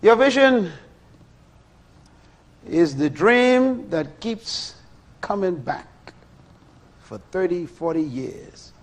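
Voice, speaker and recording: Middle-aged male preacher, animated sermon, rhetorical questions, lively pitch. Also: slow pace.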